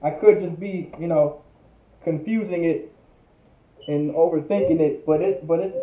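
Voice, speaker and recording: The livestream language teacher drills words with constant repetition, thinking out loud. His slightly high voice moves at a measured pace with long pauses. Sound is tinny, distant, and echoey, like a phone.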